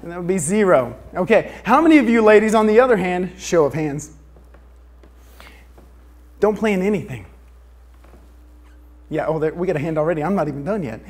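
A man's voice: sits high, lively intonation, normal speed, pauses often. A man preaching a sermon, joking with the congregation and asking them for a show of hands. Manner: asks the audience for a show of hands. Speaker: pastor.

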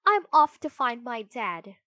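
Lady doing a high stubborn puppet kid, all earnest outbursts, storybook style. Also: sing-song, a little slow, pushed and bright, no echo, full character voice. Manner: exclaiming, earnest. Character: wooden puppet boy, impulsive and stubborn.

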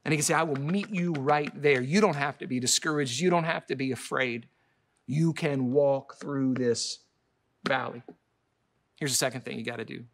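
A man preaching a sermon as pastor, emphatic, with sudden loud high peaks and soft low asides, repeating words for emphasis. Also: moderate pace.

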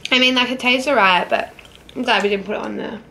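A woman's voice: on the high side, fast, bright, forceful tone. A young Australian woman chatting casually with a friend over food, laid-back and explaining things. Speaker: friend and co-host. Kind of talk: casual mukbang chat.

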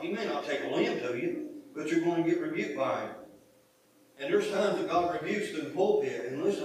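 A middle-aged pastor preaching in a folksy, conversational way and circling back on his points. His voice sits a little high for a man. It is caught from a distant mic in a very echoey church sanctuary with a faint hiss underneath. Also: darkish tone. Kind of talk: sermon.

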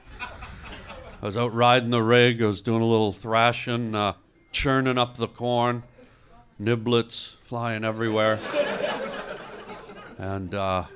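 Deadpan man telling a dark stand-up tale. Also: medium pitch, slow, long pauses. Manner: deadpan mock-grief storytelling, mock-angry outbursts at the crowd. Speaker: stand-up comedian. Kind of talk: improvised stand-up. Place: comedy club stage with a laughing audience.

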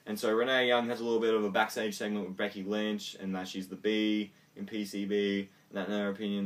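A man with a fairly low voice gives a loose, excitable wrestling review, swearing freely and scattering ums through his talk. He sits some distance back from the microphone, so his voice sounds a little distant. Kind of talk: casual video review.

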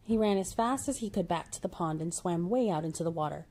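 A woman reading a children's storybook aloud in a steady, expressive way. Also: lowish voice, a little fast.

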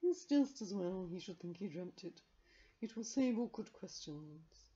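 A woman voicing a dignified male magic cat who speaks slowly, solemnly and formally. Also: mid-range voice, animated, mellow, muffled recording, pitched above the performer's own voice, lightly acted. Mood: grave. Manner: slow, solemn, formal speech.

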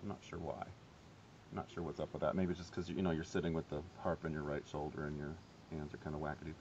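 A man giving a casual, self-deprecating harp lesson, chatty and quick to laugh at himself. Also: a bass voice, level tone, darkish tone, muffled recording, slight background noise. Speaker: harp teacher.

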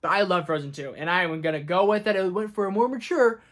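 A man's voice: sits high, steady tone, fast talker, a bit bright. Young man ranting about movies. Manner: enthusiastic and ranting, slips into quoted voices. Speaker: movie review vlogger. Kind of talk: casual movie ranking vlog.

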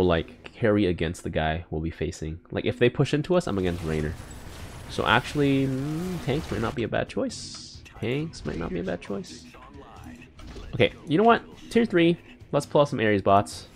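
Excitable man with wildly swinging pitch. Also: a little hiss or hum. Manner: excitable, slangy, with sudden squeals and mumbled asides. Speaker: gaming YouTuber. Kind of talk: casual live gameplay commentary.

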